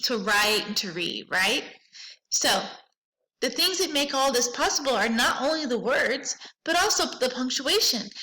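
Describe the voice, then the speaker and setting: A woman librarian giving a cheerful lesson to children, reading out example sentences slowly and with a teacherly lilt. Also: sits high, sharp tone, low-quality recording. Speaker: school librarian.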